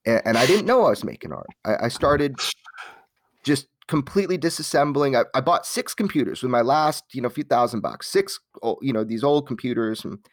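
A man from LA, guesting on an interview, talks about his life a little fast at medium pitch. He's open and lively, frequently starting over and swearing now and then, in studio-quality audio without echo.

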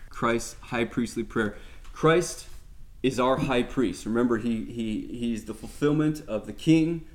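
A man's voice: medium pitch, darkish tone. A man teaching a sermon, speaking earnestly with many restarts, then reading scripture aloud. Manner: reads scripture aloud steadily. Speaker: Bible teacher.

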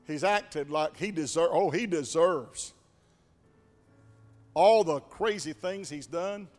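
A man preaching a sermon as pastor, dramatic, swinging from hushed to shouting. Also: on the high side, takes it slowly, in a large hall, faint music behind.

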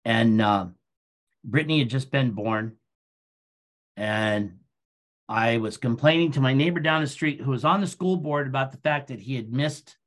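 A middle-aged man from Iowa, a grain businessman, chatting calmly in an interview and telling stories at an unhurried pace with frequent ums. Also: medium pitch. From Iowa, USA. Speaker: guest, grain business owner. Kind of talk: casual interview chat.

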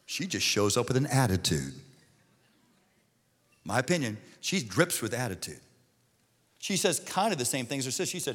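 A man preaching a sermon as pastor in a church, swinging from hushed asides to loud, animated calls. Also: medium pitch, moderate pace. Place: church sanctuary. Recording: long hall reverb.

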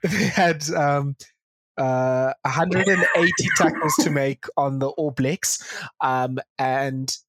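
A man's voice: mid-range voice, a bit bright, dry recording. A man hosting a rugby podcast in a casual way, steering the talk and listing match statistics. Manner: steers the talk, lists stats. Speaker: podcast host.

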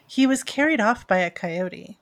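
A woman narrating as game master of a tabletop role-playing game with a dry, deadpan delivery. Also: medium pitch, moderate pace.

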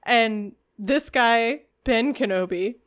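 A woman co-hosting a podcast, retelling a film in lively casual chat with laughs, recorded with static-y audio. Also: fairly high pitch, takes it slowly. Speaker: podcast co-host.

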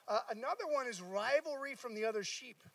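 A man's voice: very high voice, animated, brisk, gravelly, no room sound, far from the mic, rough recording. A man giving a casual sermon, telling a personal story with many fillers and asides. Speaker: preacher.

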